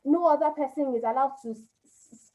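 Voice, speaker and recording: A woman's voice: high-pitched, a little fast, mellow, low-quality recording. A woman hosting a webinar over a video call, reflecting on and summing up her guest's points. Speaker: webinar host. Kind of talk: webinar conversation.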